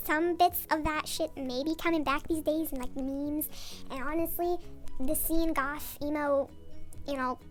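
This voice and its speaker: Sped-up, rambling young woman ranting at night. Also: high voice. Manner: rambling, swearing, self-interrupting, giggly. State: sleep-deprived and anxious. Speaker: vlogger. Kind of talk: late-night rambling rant. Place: home bathroom at night.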